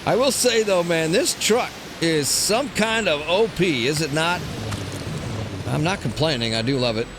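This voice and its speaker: A man hosting a let's play, rambling crudely and joking to himself over loud game sounds. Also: on the high side, expressive, a little slow, background noise. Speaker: gaming channel host. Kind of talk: casual let's play commentary.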